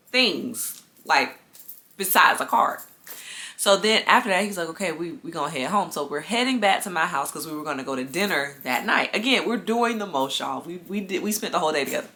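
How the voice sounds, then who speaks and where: A woman's voice: fairly low pitch, bright, forceful tone. A woman telling a personal story to her viewers in a casual storytime vlog, chatty and talking to them directly. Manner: chatty, addresses viewers as y'all. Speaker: lifestyle vlogger.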